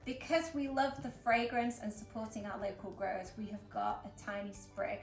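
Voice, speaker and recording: A woman's voice: mid-range voice, fairly even intonation, normal speed, vocal fry. A woman from England, hosting a casual flower-arranging demonstration in a chatty, upbeat way with plenty of fillers. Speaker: florist host. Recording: roomy echo, mic at a distance, faint background music.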